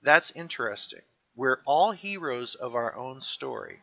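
A man with a gravelly, medium-pitched voice, speaking a little slowly, co-hosts a casual podcast where he recaps a show. He retells scenes animatedly and slips into character voices when quoting lines. The highs in the audio are cut off.

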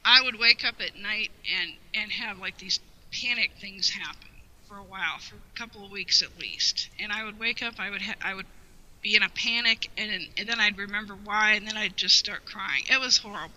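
A woman guest sharing a heartfelt personal memory in an interview, rambling warmly with many "you know"s and close to tears at times. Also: mid-range voice, moderate pace, rough recording. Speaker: guest, longtime fan.

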